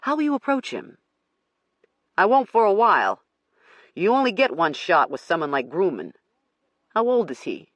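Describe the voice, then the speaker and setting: A man's voice: high-pitched, huge pitch swings, moderate pace, long pauses, a bit bright, dry recording, heavily acted. An audiobook reader voicing a blunt male police detective who asks short, clipped questions.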